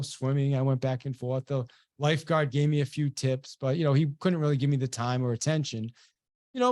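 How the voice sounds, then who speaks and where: Animated man telling a motivational story. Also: a little high, no room sound, clean studio sound. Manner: animated storyteller who acts out quoted dialogue. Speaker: sales trainer presenting a webinar.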